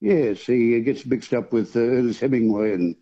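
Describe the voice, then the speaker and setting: A man calling in to a radio quiz, easygoing and unhurried. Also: mid-range voice, mellow, breathy edge, lo-fi sound. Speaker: caller. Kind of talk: casual phone-in chat.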